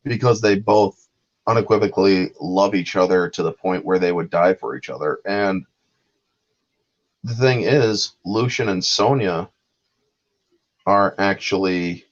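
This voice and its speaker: A man hosting a casual chat about movies, rambling and retelling scenes with acted-out lines. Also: deep voice. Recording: dull lo-fi sound.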